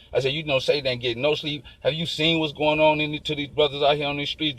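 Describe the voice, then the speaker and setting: A man telling a long story in a casual, animated and profane street style. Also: a little high, no room sound, rough recording. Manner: profane, animated, fast-talking.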